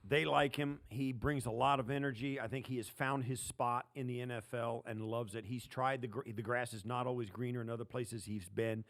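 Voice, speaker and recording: A man's voice: mid-range voice, a little fast, hardly any pauses. A man co-hosting a sports podcast, answering quiz questions and giving casual opinions. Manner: relaxed, answers off the cuff. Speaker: podcast co-host.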